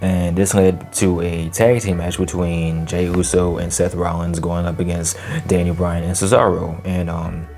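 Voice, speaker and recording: A man with a low voice runs through a wrestling show in a loose, chatty solo review. He leans on fillers and slang and breaks into laughs now and then. Soft music plays underneath. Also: flat delivery, measured pace. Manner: laughs often between remarks. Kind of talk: casual solo review vlog.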